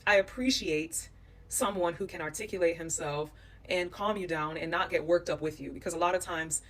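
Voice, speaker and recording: Animated woman telling travel stories. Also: fairly low pitch, moderate pace, recorded from a distance. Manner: animated, emphatic storytelling. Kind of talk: storytelling vlog.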